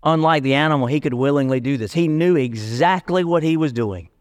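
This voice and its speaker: A man preaching from the pulpit in a loose, joking, slang-filled way. His voice sits a little high, and a long hall reverb rings after his words. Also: brisk. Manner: lively, casual street-talk preaching with jokes. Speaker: pastor. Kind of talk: sermon.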